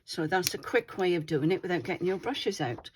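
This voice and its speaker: Woman, a little low-pitched, casual craft host, chatty and friendly check-ins. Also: expressive, brisk, slight background noise. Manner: chatty, often checks in with "all right?".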